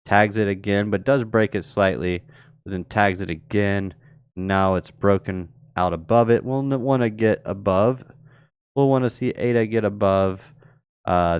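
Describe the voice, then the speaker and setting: A man's smooth, lowish voice carries a live crypto chart-analysis stream where he chats casually and takes viewer questions. The audio is clean studio sound with no room sound.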